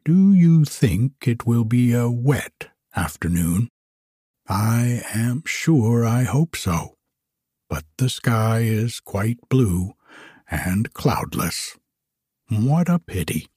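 A man voicing a talkative, self-satisfied little pond frog in a storybook, prattling on in a breathy, often whispery voice. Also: mid-range voice, big pitch swings, slow, warm tone, no echo, studio quality, heavily acted. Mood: chatty. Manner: gushing, prattling, complacent.

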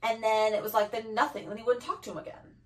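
A young woman co-hosting a casual podcast, talking emphatically and animatedly, with many fillers, and swinging between quiet and loud. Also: on the high side, fast. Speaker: podcast co-host. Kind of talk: casual personal chat. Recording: roomy echo, from far off the mic.

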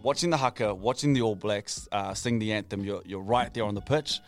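A man's voice: on the low side, a little fast, faint music behind. A man co-hosting a casual radio show, upbeat and leading the segments. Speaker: co-host.

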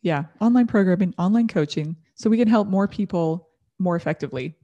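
A woman's voice: lowish voice, fairly quick, dark tone, dull audio. A middle-aged woman co-hosting a podcast in casual chat, conversational and often agreeing. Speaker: podcast co-host.

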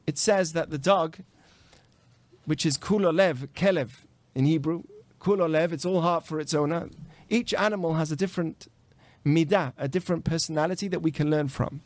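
Animated higher-voiced man, dry sound. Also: moderate pace, dry recording. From grew up in a committed Jewish home. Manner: animated, rhetorical questions to listeners. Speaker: rabbi. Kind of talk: podcast talk.

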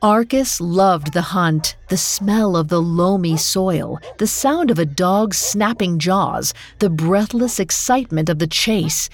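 A woman narrating a myth as scripted storytelling, in a slow, measured way. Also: lowish voice, expressive. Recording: dry studio with faint music.

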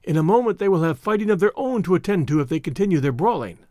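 A man's voice: high voice, animated, fast talker, mellow, dry recording, clean studio sound. A man reading aloud and voicing a loyal, watchful Arab servant who speaks with urgency. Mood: urgent.

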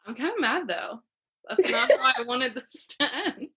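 Young woman co-host, somewhat high and bright, joking casual chat. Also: animated, husky. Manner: playful, quick laughs. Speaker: podcast co-host.

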